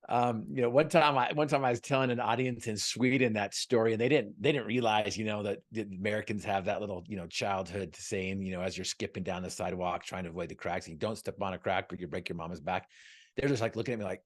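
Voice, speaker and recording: A man's voice: on the low side, fairly even intonation, quick pace. A man giving a motivational talk as a guest speaker on a video call, joking and telling stories in an earnest, upbeat way.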